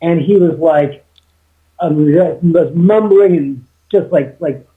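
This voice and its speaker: Male guest on a phone line, high-pitched, rambling storyteller full of restarts. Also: slow. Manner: rambling with many restarts and quoted dialogue. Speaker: guest, homeowner. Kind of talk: casual interview storytelling.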